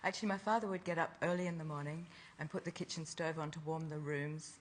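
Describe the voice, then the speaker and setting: Older lady telling family stories, lots of laughing, slightly low voice, bit of background hiss. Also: fairly even intonation, quick pace. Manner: warm storytelling, laughs often while telling stories. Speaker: interview guest, fashion designer. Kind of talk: casual chat.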